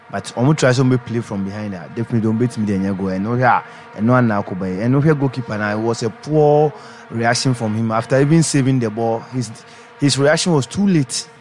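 A man's voice: mid-range voice, darkish tone, a little hiss or hum. Man analysing a football match. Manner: talks in pidgin English, explains plays. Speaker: football pundit.

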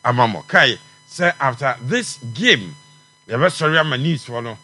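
A man with a Ghanaian accent hosting a radio sports call-in show, reading out announcements in a brisk announcer manner. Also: mid-range voice, lively intonation, bright, forceful tone, soft background music.

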